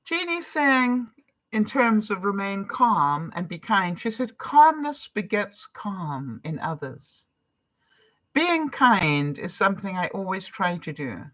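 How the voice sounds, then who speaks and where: A woman's voice: medium pitch, sing-song, takes it slowly, a bit bright. Woman, older, from Canada, vlogger, casual live-stream chat, encouraging, chatty. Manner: chatty and encouraging, with frequent laughs.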